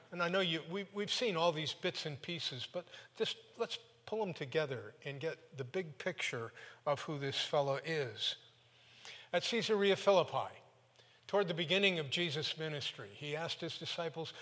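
A male preacher tells his sermon animatedly, speeding up in bursts and then dropping low. His voice is fairly high and rings with a long reverb, as in a church hall. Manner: animated, with quick bursts and sudden drops. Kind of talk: sermon storytelling.

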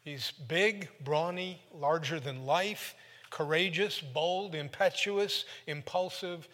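Male preacher, animated storyteller with a fairly high voice, recorded with long hall reverb. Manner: animated, with quick bursts and sudden drops. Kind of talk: sermon storytelling.

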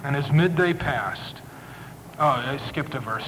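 A male preacher tells a story in a sermon with dramatic, shifting emphasis. His voice is fairly high and rings in a reverberant hall. Faint noise runs underneath. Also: a little slow.

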